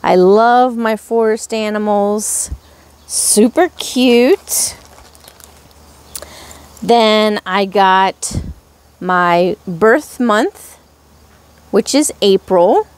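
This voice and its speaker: Slow, gushing woman showing off charms. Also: mid-range voice. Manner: gushing, slow and drawn-out exclamations. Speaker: crafts vlogger. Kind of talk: casual haul video.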